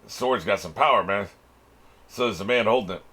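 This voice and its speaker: A man's voice: fairly low pitch, a little fast, sharp tone, slightly rough. A man hosting a reaction channel, giving casual commentary on an anime episode, laughing often and swearing freely.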